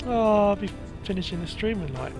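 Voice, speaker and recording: A man's voice: high-pitched, animated, a little fast, over music. A man hosting a game livestream, chatting casually and telling stories with frequent laughs. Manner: chatty, laughs often, retells shop stories. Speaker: livestream host. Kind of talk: casual chat while streaming a game.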